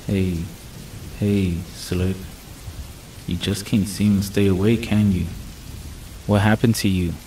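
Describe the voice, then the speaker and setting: A man playing a beaten and defeated man, faint, strained, low-pitched, flat, horror story. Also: takes it slowly, pauses often, roomy sound, recorded from a distance, slight background noise, low-quality recording. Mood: weak, grim. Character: weak, badly beaten adult man, defeated.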